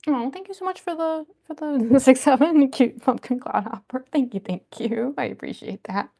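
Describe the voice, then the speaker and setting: A woman's voice: high voice, normal speed, gravelly, dark tone. A woman chatting casually on a livestream, reading viewer comments aloud and giggling often. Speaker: cosplayer livestreamer.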